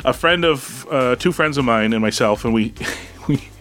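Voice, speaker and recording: This male podcast co-host talks at a normal speed in a medium-pitched, fairly bright voice. The chat is casual and rambling, full of restarts and laughter, and he's hiccuping while drinking beer.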